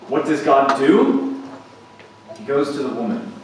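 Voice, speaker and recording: Slow-preaching man in an echoey hall. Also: mid-range voice, slight background noise. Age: young adult to middle-aged, father of boys. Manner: slow, rising to emphatic peaks then dropping quiet. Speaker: pastor. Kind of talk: sermon. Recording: echoey hall, speaker far from mic.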